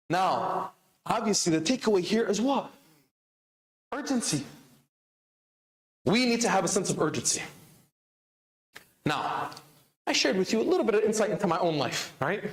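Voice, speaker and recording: A man's voice: very high voice, animated, moderate pace, pauses often. A man giving a sermon with urgency, asking the crowd questions and answering them himself. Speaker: speaker at a religious celebration. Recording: echoey hall.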